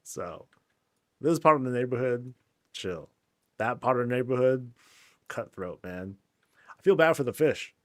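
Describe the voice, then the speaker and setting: A man's voice: medium pitch, expressive, a little slow, pauses often, no echo, studio quality. A man hosting a casual game tour, laid-back and joking, with lots of slang. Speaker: game channel host.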